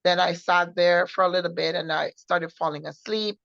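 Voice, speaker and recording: A woman co-hosting a faith show, recounting her personal testimony in an earnest, halting way with many restarts. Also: fairly low pitch, steady tone, vocal fry, a bit bright, no room sound. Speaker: co-host sharing her testimony. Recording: dull, muffled sound.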